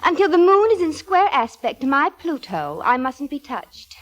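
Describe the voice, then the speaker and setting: An actress playing a flighty young wife devoted to horoscopes in a 1940s radio comedy, with emphatic, dramatic outbursts. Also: female voice, high-pitched, very animated, normal speed, highs cut off. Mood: earnest, pleading.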